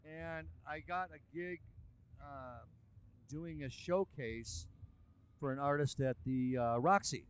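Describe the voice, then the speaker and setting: A man, a musician and producer, telling a lively anecdote in a casual interview. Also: fairly high pitch, slow pace, clear, resonant tone. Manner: animated, lively anecdotal delivery. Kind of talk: casual storytelling.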